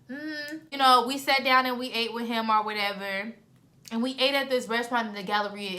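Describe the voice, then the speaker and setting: Woman, twenties, storytime vlogger, slightly high voice, bright tone, animated, slangy. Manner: animated, slangy storytelling that acts out both sides of each exchange. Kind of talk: storytime vlog.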